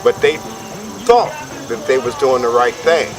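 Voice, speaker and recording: Slow, sing-song man over music. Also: medium pitch, big pitch swings. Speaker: interviewee. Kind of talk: interview talk. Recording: music playing under the voice.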